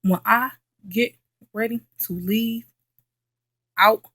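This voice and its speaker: Woman vlogger, mid pitch with some fry, telling a story in an emphatic, repetitive way with lots of "okay?", close and dry sound. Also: steady tone, slow, a bit bright, no echo. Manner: emphatic, repeats herself, checks in with "okay?". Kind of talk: casual late-night storytelling chat.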